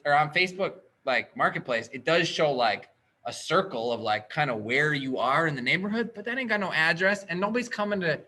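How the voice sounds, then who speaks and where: A man tells a story on a casual podcast with a husky, slightly breathy edge to his fairly high voice. He is animated and acts out both sides of the conversations with quick asides.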